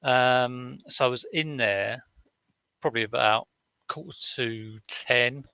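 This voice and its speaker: A man's voice: medium pitch, slow, bright, forceful tone, clean tone, dry recording. A man, chatting casually on a live stream as a reseller, rambling through stories with many fillers and restarts. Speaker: reseller vlogger.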